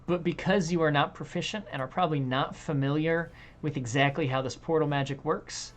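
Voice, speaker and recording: Low voiced woman running a tabletop game, slow and deliberate, lots of ums. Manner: measured, deliberate, with hesitations. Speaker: game master.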